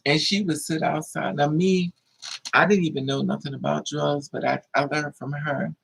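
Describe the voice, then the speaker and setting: A man's voice: a little high, steady tone, normal speed, gravelly, fairly bright tone, breathy edge, low-quality recording. A man hosting a livestream tells a personal story to his viewers, casual, blunt and profane, with a lot of feeling in it. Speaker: livestream host.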